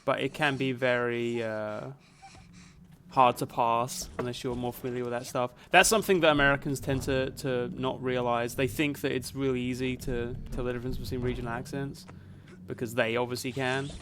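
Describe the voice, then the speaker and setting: A man with a softened Essex accent, chatting casually to viewers while streaming a game, rambling with plenty of fillers. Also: mid-range voice, steady tone, normal speed, a little hiss or hum. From Essex, England. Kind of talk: casual live gameplay chat.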